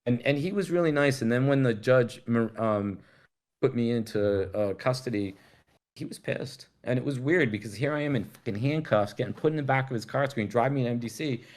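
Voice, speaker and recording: A man's voice: medium pitch, fairly quick, darkish tone. A man from Rhode Island telling a story as a guest in a casual chat, laid-back and swearing freely while acting out the dialogue.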